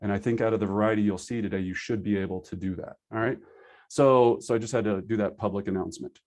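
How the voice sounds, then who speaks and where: A man teaching a live online class for real estate agents over a video call, energetic and conversational, acting out his students' excuses. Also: lowish voice. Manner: acts out agents' excuses in quick asides. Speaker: real estate sales trainer.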